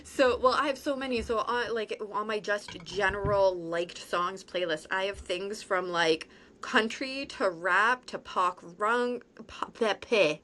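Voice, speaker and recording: A woman hosts a relaxed podcast conversation, her voice in an ordinary middle range. She is chatty and quick to laugh, often poking fun at herself as she talks. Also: mid-range voice, a little hiss or hum. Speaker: podcast host. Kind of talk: casual conversational interview.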